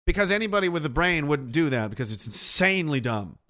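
A man with a slightly high, sing-song, bright and forceful voice talks fast while hosting a live show. In this casual livestream rant he curses heavily, stays sarcastic, and reads chat comments aloud.

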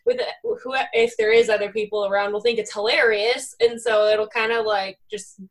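A woman's voice: mid-range voice, moderate pace. A woman co-hosting a podcast who talks casually, laughs often and fills her talk with "like" and "you know". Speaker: podcast co-host. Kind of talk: casual chat.

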